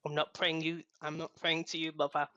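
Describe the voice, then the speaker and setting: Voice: medium pitch, monotone, brisk, sharp tone, dry recording, muffled recording, natural voice. A player voicing an unsure young man who talks back to a goddess, hesitant and sassy by turns. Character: unsure young man seeking his mother, cheeky.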